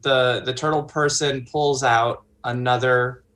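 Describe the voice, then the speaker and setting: Slow-talking male tabletop player. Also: mid-range voice, steady tone, fairly bright tone. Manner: thinking aloud with hesitations. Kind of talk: tabletop game play.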